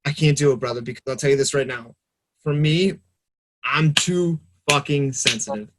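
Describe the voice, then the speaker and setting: A young man talking casually on a podcast, animated and rambling, swearing freely. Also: medium pitch, moderate pace. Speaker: podcast guest. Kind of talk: casual chat.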